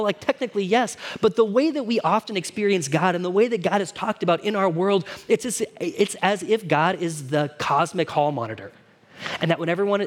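A man preaching a sermon to his congregation in a casual, conversational way, often asking them questions. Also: high-pitched. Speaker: pastor. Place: church hall.

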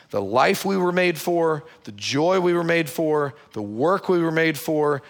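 A man's voice: a little high, fairly bright tone. Man preaching a casual, joking sermon. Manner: conversational preaching with humorous asides and repetition. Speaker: pastor. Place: church.

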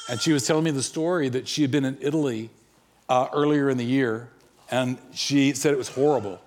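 A man's voice: mid-range voice, fairly quick. A man preaching a sermon, telling stories and acting out the quoted dialogue. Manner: animated, acts out quoted dialogue. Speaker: pastor. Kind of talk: sermon storytelling.

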